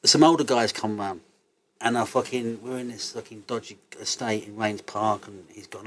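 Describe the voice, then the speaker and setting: A man, an interview guest telling stories in a loose, sweary, animated way and laughing as he goes. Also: on the low side, normal speed, a little hiss or hum. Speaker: interview guest, cannabis entrepreneur. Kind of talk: casual interview storytelling.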